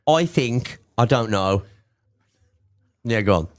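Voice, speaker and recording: A man's voice: medium pitch, animated, slow pace. A man co-hosting a radio chat show, talking in a rambling, joking way with lots of restarts. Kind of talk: casual chat.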